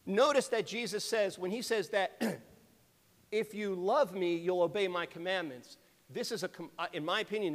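A man preaching a sermon, earnest and emphatic, asking the congregation rhetorical questions and often clearing his throat. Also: high voice. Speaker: pastor. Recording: long reverb of a large hall.

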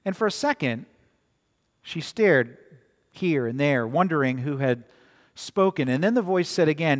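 His fairly high voice is animated and unhurried, broken by long pauses. He's preaching a story-filled sermon in a conversational way, frequently repeating words and checking in with "right?", in a long-reverb hall.

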